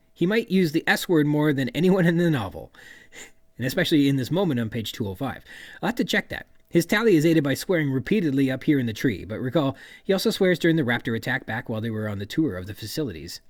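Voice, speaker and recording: Animated man hosting a book podcast. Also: fairly high pitch, fast talker, dry recording. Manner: reads quoted passages aloud, then explains them; lively, expressive emphasis. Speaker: podcast host. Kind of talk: literary analysis monologue.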